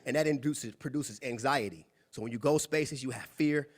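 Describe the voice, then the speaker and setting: A young man giving a preachy, animated motivational talk at a club meeting, acting out quoted voices. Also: medium pitch, normal speed. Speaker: guest speaker. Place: meeting room.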